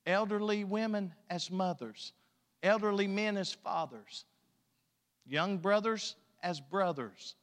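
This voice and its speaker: A male pastor preaching a sermon, emphatic and folksy, his loudness rising and falling. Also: sits high. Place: church sanctuary. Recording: long church hall reverb.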